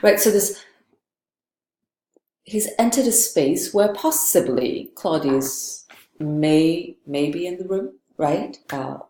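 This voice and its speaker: A woman's voice: fairly low pitch, slow, mellow, echoey room. A woman giving a literature lecture, thoughtful and digressive, often checking in with "right?". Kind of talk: recorded lecture.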